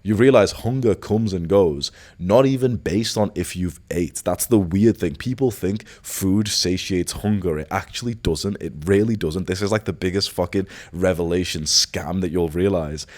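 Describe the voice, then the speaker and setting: Blunt, profane low-voiced young man. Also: moderate pace, hardly any pauses, a little mellow. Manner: blunt, profane, filler-heavy with frequent "like". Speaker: self-improvement coach. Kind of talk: casual motivational monologue.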